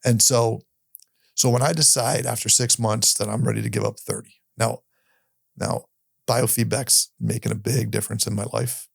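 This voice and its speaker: Middle-aged guy, super gravelly fry voice, dry close sound, halting storytelling, repeats himself. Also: mid-range voice, level tone, no echo. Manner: halting, restarts and repeats words often; candid, occasionally swears. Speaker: podcast guest. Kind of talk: personal storytelling in conversation.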